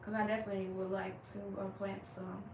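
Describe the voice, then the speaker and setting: A young woman chatting casually with viewers on her livestream, animated and laughing as she acts out their reactions. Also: mid-range voice, fast talker, echoey room, far from the mic, background noise. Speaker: livestream host.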